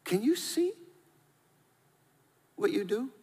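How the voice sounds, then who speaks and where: A man preaching a sermon in a lively, conversational way, drawing the audience into call-and-response. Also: high-pitched, slow, husky. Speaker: pastor. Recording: long hall reverb.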